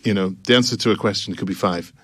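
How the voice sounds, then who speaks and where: A man's voice: fairly low pitch, fast, fairly bright tone, husky, no room sound, clean studio sound. A man co-hosting a casual chat show, telling a chatty anecdote. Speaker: co-host.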